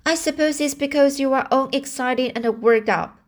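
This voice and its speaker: A woman reading aloud and voicing a stern, plain-spoken older woman in a firm, measured tone close to her own voice. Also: sits high, pitched above the performer's own voice, close to an everyday voice. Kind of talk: amateur audiobook reading.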